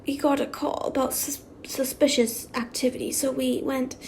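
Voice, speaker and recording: A woman voicing a wounded young man who speaks hoarsely and quietly, in a fan fiction reading. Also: high-pitched, level tone, normal speed, a little hiss or hum. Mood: weak. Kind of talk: fan fiction read-aloud.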